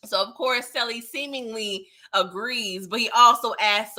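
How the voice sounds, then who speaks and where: Bright, chatty woman recapping a show. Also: on the high side, a little slow. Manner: chatty, slangy, laughs often. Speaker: TV recap reviewer. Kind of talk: casual reaction recap.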